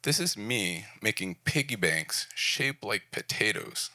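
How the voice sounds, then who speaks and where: Candid low-voiced man giving a talk. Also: expressive, unhurried, bright, forceful tone. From Prince Edward Island, Canada. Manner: candid, self-deprecating, short punchy phrases. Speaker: design event speaker. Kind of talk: personal storytelling talk. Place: event venue.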